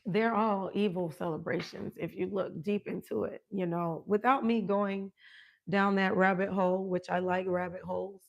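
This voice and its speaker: An older woman and fitness coach chatting casually with viewers on a live stream, animated, laughing often and greeting people by name. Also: medium pitch, moderate pace, vocal fry. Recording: dull lo-fi stream audio.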